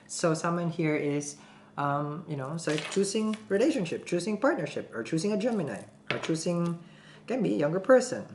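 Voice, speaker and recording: A woman's voice: fairly low pitch, animated, normal speed, echoey room, background noise. A woman doing a casual tarot reading, chatty and laughing often, checking in with her listeners as she goes. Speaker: tarot reader.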